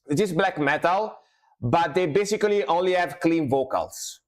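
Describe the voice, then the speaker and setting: A man's voice: on the high side, expressive, moderate pace. A man streaming music reactions in easygoing casual chat, repeating himself and leaning on "you know". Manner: laid-back, loose, repeats words and adds "you know".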